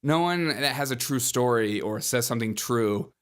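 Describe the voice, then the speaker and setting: A male podcast host riffing in casual commentary. He is chatty and mocking, and keeps laughing between his points. His voice sits at a middle pitch for a man. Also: animated, normal speed, a bit bright.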